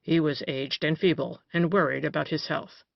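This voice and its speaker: A cunning, boastful male detective, put on by an audiobook reader, savoring every detail of his tale. The voice is mid-pitch, recorded dry and slightly dull. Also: fairly even intonation, normal speed, vocal fry, dry recording.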